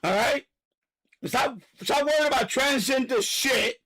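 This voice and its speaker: A man hosting a live stream, delivering a loud, profane, repetitive rant and stopping now and then to catch his breath. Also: extremely high pitch, unhurried, breathy edge, low-quality recording. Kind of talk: ranting live stream monologue.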